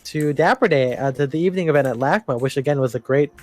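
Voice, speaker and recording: A young man from Los Angeles chats casually as a podcast co-host. His voice sits a touch high for a man, and he rambles along with plenty of fillers and false starts. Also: fast talker, darkish tone. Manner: rambling, many fillers and restarts. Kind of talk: casual chat.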